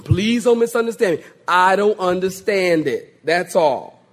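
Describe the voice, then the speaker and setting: A man's voice: high-pitched, a little slow. A male pastor preaching a sermon, joking and slipping into mock voices to make his point. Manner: humorous, animated, mimics voices for laughs.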